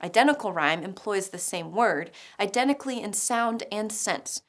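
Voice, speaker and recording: A woman giving a scripted educational narration about poetry, explaining clearly with a light touch of humor. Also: mid-range voice, lively intonation, moderate pace. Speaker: teacher.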